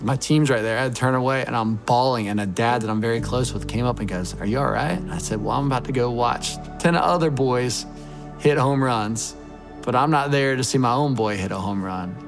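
Gravelly man telling a faith story. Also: mid-range voice, a little fast. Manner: earnest, emotional storytelling. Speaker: former college baseball coach. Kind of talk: personal testimony. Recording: music bed underneath.

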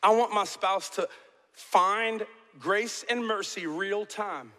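A middle-aged man preaching a sermon as pastor in a large church, swinging from impassioned shouts to soft, intimate talk. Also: sits high, slow pace. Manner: passionate, builds to shouting then drops to soft and intimate. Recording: long reverb of a large hall.

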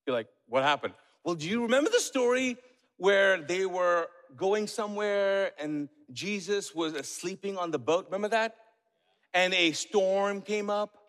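A man preaching a sermon in a lively way. He questions the congregation and makes joking asides. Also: sits high, unhurried. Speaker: pastor. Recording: long reverb of a church hall.

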